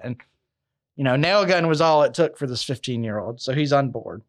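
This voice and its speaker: Telling a true crime story at a normal speed, this man has a medium-pitched, animated voice. His casual, chatty narration is sprinkled with asides and fillers.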